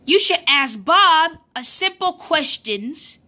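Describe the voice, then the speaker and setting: A kind, patient father bear from a picture book, gently explaining things to his cubs, as a woman reading aloud puts him on. He speaks slowly and clearly, in a voice that stays high and bright. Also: lively intonation, full character voice. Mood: gentle.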